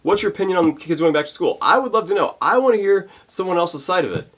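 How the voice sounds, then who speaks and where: A man's voice: high-pitched, lively intonation, fast, fairly bright tone. A male vlogger ranting to camera, fired up and exasperated, often repeating himself. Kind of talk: heated rant to camera.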